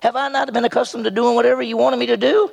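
Man putting on a squeaky pleading she-donkey. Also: little pitch movement, quick pace, vocal fry, exaggerated voice. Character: pleading female donkey, loyal and hurt. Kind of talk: preacher acting out a Bible story.

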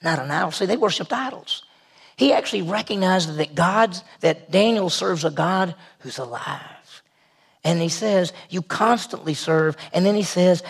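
A man preaches with a raised, fairly high pitch and a gravelly edge to his voice. He tells the story with lively emphasis, then drops suddenly to a hushed, almost whispered tone. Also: moderate pace. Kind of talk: sermon.

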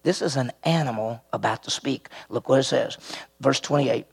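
A man's voice: mid-range voice, moderate pace, vocal fry, breathy edge. A man preaching an expository sermon, walking his listeners through a passage and quizzing them with questions.

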